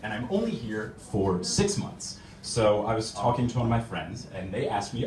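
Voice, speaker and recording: A man's voice: lowish voice, very animated, normal speed, hardly any pauses, slight background noise. A young American man performing a stand-up comedy set on a club stage, often laughing at his own jokes. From United States. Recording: roomy venue sound from a distance.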